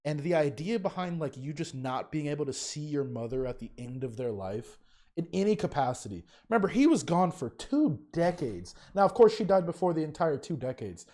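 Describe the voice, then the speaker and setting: A young man, a teacher, giving casual, emotional fan commentary in a reaction video, often halting and restarting. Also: a little high, very animated, dark tone.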